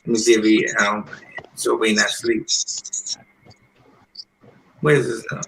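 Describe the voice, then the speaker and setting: A man in his fifties, a former boxer and podcast guest, telling animated stories in a casual interview and often clearing his throat. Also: lowish voice, a little slow, a little hiss or hum, poor audio. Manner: animated storyteller who acts out quoted voices.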